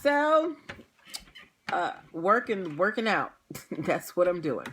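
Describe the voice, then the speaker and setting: A woman's voice: on the low side, very animated, takes it slowly, a bit bright, slight background noise. Chatty woman hosting a livestream. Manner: chatty, laughs often, playful asides. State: tired, yawning. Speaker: livestream host. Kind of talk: casual pre-show chat to viewers.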